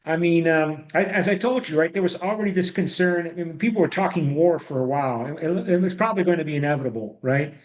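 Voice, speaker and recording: A high-voiced man lectures on history to an online class, circling back on his words and restarting sentences. His voice carries a roomy echo through a video call microphone. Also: fast talker, few pauses, a little mellow. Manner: rambling, many restarts and repeated words. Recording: echoey room.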